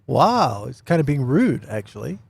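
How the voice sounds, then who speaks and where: A man's voice: medium pitch, normal speed, darkish tone. A man teaching scripture in a casual, chatty way, often laughing and checking in with "right?". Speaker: Bible teacher.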